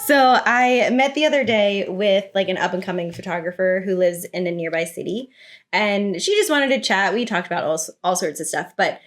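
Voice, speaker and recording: A woman co-hosting a laid-back podcast, her voice sitting at a mid pitch. She talks freely, laughs often between thoughts, and fills her sentences with casual filler words. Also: normal speed, faint music behind. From United States. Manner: chatty, giggly, lots of "like" fillers. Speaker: podcast co-host, photographer.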